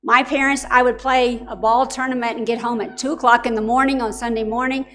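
A woman's voice: on the high side, little pitch movement, fairly quick, fairly bright tone. A middle-aged woman preaching a sermon to parents, telling stories in an earnest, direct way.

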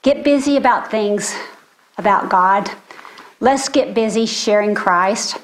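A woman's voice: medium pitch, takes it slowly. Earnest older woman preaching a sermon. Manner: earnest, storytelling. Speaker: speaker.

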